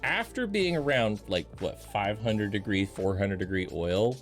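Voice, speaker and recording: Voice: sits low, measured pace, soft background music. A co-host chatting casually on a stream, hesitant and restarting often. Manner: hesitant, restarts a lot, animated. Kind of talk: casual chat.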